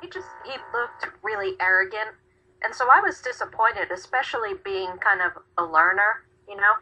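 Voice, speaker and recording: Brief: frank, blunt woman, bright husky voice, phone-line radio sound. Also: mid-range voice, animated, normal speed. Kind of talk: casual radio chat.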